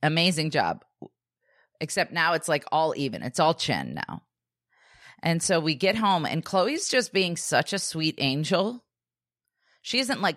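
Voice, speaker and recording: A woman in her thirties, a podcast co-host, telling a story in casual chat, animated and acting out the voices of the people she quotes, with lots of "like" and "dude". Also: low-pitched, a little slow, pauses often, dry recording, studio quality.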